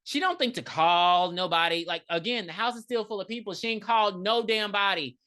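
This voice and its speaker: A woman co-hosting a podcast, retelling a film in casual, profane, lively chat. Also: medium pitch, a little fast. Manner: animated, profane, laughing storyteller. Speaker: podcast co-host. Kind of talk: casual movie recap chat.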